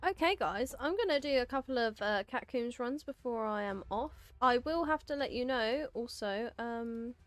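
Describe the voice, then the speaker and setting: A woman's voice: a little high, lively intonation, moderate pace, few pauses. A woman chatting casually to her viewers on a live game stream, giggling now and then and talking straight to chat.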